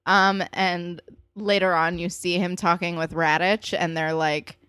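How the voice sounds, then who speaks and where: Chatty low-voiced woman recapping a show. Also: level tone, unhurried, a bit bright, clean tone, dry recording, clean studio sound. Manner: chatty, filler-heavy, jumps into higher voices for quoted characters. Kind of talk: casual TV episode recap.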